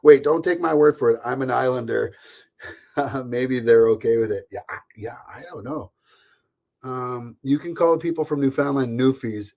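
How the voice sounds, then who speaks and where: A man's voice: medium pitch, a little mellow. A man hosting a casual live stream from home, rambling chattily, greeting viewers by name and laughing often. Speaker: livestream host.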